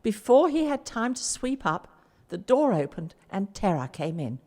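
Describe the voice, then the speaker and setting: A woman's voice: mid-range voice, big pitch swings, moderate pace, a little mellow. A woman reading a story aloud with expression, narrating between the characters' lines. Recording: long reverb.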